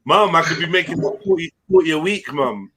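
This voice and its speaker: A man's voice: on the high side, a little fast, crowd noise. A man hosting a live panel stream, joking and teasing the other speakers with lots of laughter. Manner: playful teasing, laughs a lot. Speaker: host. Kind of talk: casual banter on a live panel show.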